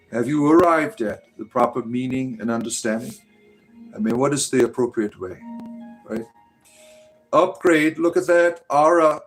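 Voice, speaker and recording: Mocking male host, rambling and sarcastic, slightly higher voice. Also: low-quality recording. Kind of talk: casual livestream chat.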